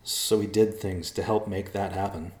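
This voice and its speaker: A man plays a nervous grown man in a storybook reading, pleading earnestly and stumbling over his words. The voice is pitched above the reader's deep own, with a roomy echo. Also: fairly even intonation, moderate pace, a little mellow, natural voice. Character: nervous adult man, apologetic schemer.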